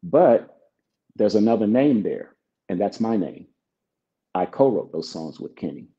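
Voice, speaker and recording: A middle-aged songwriter, a guest in a relaxed interview, tells stories in a fairly low, warm voice with big pitch swings and an unhurried pace. He acts out both sides of old conversations, and the recording sounds dull and lo-fi.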